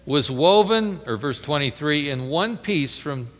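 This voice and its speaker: A man's voice: fairly high pitch, expressive, a little slow, in a large hall. A man preaching a conversational Bible sermon, reading scripture aloud with rising intensity.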